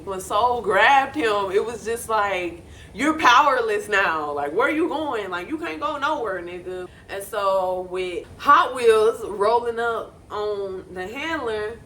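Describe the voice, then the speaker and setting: A woman's voice: a little high, a little hiss or hum. Blunt, profane young woman vlogger. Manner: blunt, profane, animated storytelling. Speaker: YouTube reality-show commentator. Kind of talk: casual reaction commentary.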